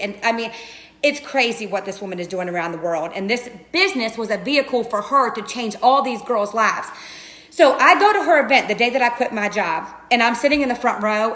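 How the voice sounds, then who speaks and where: A woman's voice: a little high, fairly bright tone, roomy sound. A woman giving an earnest, emotional personal testimony, talking straight to her listeners. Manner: earnest and passionate, addresses listeners as you guys. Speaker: direct sales coach.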